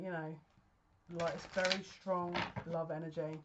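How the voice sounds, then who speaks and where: Excitable woman reading tarot. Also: on the low side, normal speed, lo-fi sound, noisy background. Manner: excitable, gasping and breathless. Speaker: tarot card reader. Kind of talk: casual psychic card reading.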